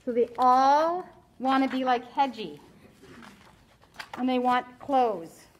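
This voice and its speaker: A woman teacher reading a picture book aloud to children, animated, stopping to explain and ask questions in a classroom. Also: sits high, slow, a little hiss or hum, rough recording.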